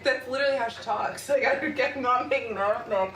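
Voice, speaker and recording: A woman's voice: a little high, a little fast, hardly any pauses, fairly bright tone. Young woman host, gossipy and rambling, heard from a distance over background noise. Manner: gossipy, fills speech with "like". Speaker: podcast host. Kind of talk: casual storytelling chat. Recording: echoey room, far from mic, noisy.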